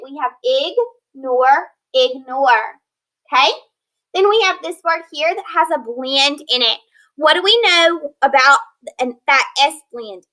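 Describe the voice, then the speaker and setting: Woman teacher doing a phonics lesson, high bright voice, slow and clear on each sound. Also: poor audio. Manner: slow, clear modeling of word sounds with praise and prompts. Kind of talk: recorded phonics lesson for young students.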